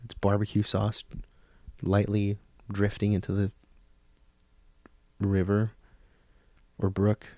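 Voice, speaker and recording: A man in his thirties hosting a podcast, delivering a profane comic monologue that swings from hushed nature-documentary whispers to loud rants. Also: on the low side, monotone, takes it slowly, long pauses, no room sound. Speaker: podcast host. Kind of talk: comedic monologue.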